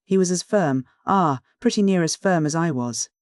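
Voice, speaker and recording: A man's voice: fairly high pitch, normal speed, no echo, clean studio sound, voice pushed up, close to an everyday voice. A man putting on a pompous old butler. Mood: boastful. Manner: self-important, theatrical retelling. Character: pompous older male butler, boastful storyteller.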